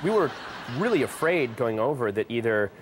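A man recalling the production in a measured behind-the-scenes interview. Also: medium pitch, very animated. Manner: reflective, measured. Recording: noisy interview recording.

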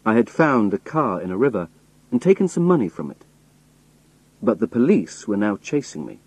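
A man reading a novel aloud in first person with slow, careful, expressive storytelling. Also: fairly low pitch, slightly rough, no room sound, rough recording. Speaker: audiobook narrator.

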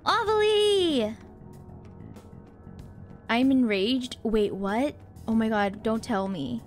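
A woman's voice: fairly high pitch, a little slow, darkish tone, soft background music. A woman streamer talking casually over a game, reacting to it and chatting with viewers as she plays. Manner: chatty, reacts to the game and reads chat aloud. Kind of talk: live gameplay commentary.

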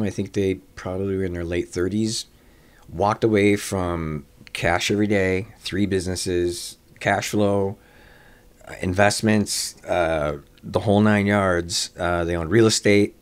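Really low-voiced guy, restaurant owner, rambling through a story with lots of uhs and the odd swear. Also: fairly even intonation, a little slow. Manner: long anecdotes with frequent "uh" fillers and restarts; swears casually. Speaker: restaurateur guest. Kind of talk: personal storytelling in conversation.

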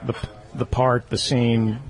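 A man's voice: mid-range voice, level tone, takes it slowly, some chatter behind. A man hosting a casual interview, asking curious, probing questions. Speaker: podcast host.

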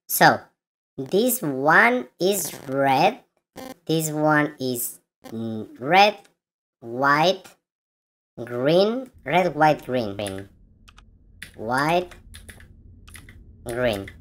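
In her own room, a woman running a gaming channel plays a horror game, gasping and letting out jumpy, frightened exclamations in a rumbling low voice. A slight background noise is present in her let's play commentary.

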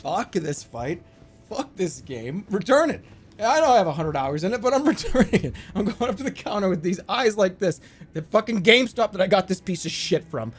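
A man's voice: high voice, animated, fast, breathy edge, soft background music. A man streaming a game, talking casually to chat, exasperated and swearing, often bursting into laughter.

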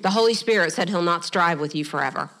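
A middle-aged woman pastor preaching a sermon, animated, with humorous asides and quick acted-out quotes. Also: fairly low pitch. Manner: acts out quoted voices in passing.

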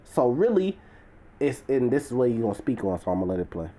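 A man's voice: mid-range voice, sing-song, fast talker, warm tone. A man teaching from the Bible in a casual, conversational way. He leans on "you know" and "right?" and swells into emphatic, preacherly stresses.

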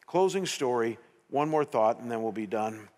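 A middle-aged male pastor telling a story in a sermon, animated, with many restarts. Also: mid-range voice, normal speed, in a large hall. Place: church sanctuary.

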